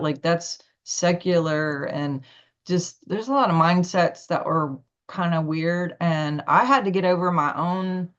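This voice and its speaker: A woman guest telling a personal spiritual story in a rambling way, full of "like" and restarts. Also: low voice. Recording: muffled lo-fi recording.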